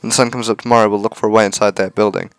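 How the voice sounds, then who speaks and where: A man's voice: on the low side, level tone, very fast, gravelly, smooth, dry recording. A young man reading a visual novel aloud as a let's play host, breaking off for casual, joking asides.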